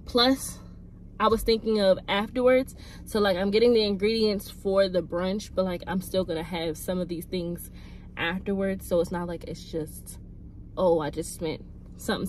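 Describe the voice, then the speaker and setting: A woman's voice: mid-range voice, a little hiss or hum. A young woman chatting casually to viewers in a vlog, talking straight at the camera. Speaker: vlogger. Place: car and home.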